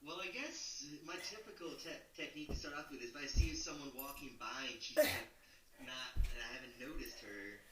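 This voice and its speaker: A man's voice: medium pitch, moderate pace. Young man guest, casual rambling, echoey room, crowd behind. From Charleston, South Carolina, then Milwaukee. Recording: echoey playback from far off.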